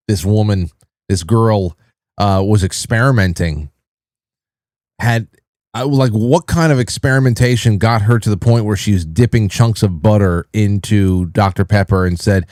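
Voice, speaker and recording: A man's voice: fairly low pitch, a little mellow, no room sound. Dry-sounding man rambling wryly. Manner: rambling, wry, emphatic. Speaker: host. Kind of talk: casual commentary on video reels. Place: studio.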